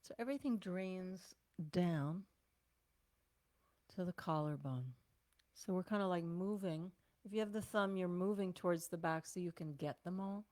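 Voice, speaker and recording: An older woman leading a self-care class, giving gentle, unhurried instructions with sighs and breathing cues. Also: on the low side, no room sound. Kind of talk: guided self-massage class.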